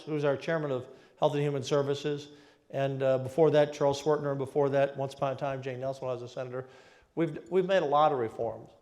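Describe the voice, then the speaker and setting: A man's voice: a little high, darkish tone. An older man answering audience questions at a conference, telling stories in a folksy, emphatic and combative way. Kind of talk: casual conversational Q&A at a policy conference. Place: large conference hall. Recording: long hall reverb.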